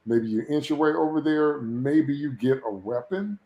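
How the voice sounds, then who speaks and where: A man's voice: a little high, moderate pace, dark tone, dull audio. A man on a podcast, venting in a casual, opinionated way, with exasperated rants and frequent laughter. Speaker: podcast co-host reviewing a TV episode. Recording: roomy echo.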